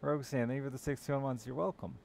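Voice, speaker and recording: A man's voice: medium pitch, steady tone, fast talker, vocal fry, a little mellow, slight background noise. A man streaming a game live, chatting casually with viewers in a sardonic, teasing way and swearing freely. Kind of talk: casual gaming stream chat.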